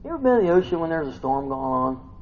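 A man preaching a sermon, reading scripture and expounding on it, dropping to hushed asides and rising to loud exclamations, musing with hums between points. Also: a little high, big pitch swings, quick pace. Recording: dull lo-fi recording with faint background noise.

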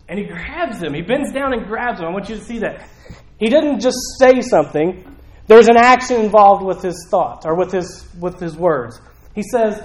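A man's voice: high voice, lively intonation, normal speed, rough recording. A man preaching a casual sermon, conversational, acting out little voices as he tells the story.

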